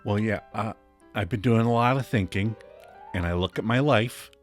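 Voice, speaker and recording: A man playing a self-assured, grandiose rich boyfriend in a comic scene read-through, speaking slowly and deliberately. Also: on the low side, faint music behind, pitched below the performer's own voice, lightly acted. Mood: solemn.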